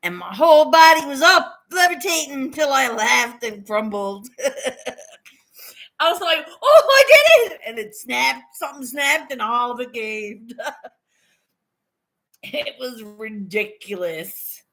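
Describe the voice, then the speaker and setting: Giggly, bright-voiced woman telling stories. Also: a little high, takes it slowly, vocal fry, pauses often. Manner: giggly, swears a lot, animated storytelling. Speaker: livestreaming vlogger. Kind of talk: casual storytelling chat.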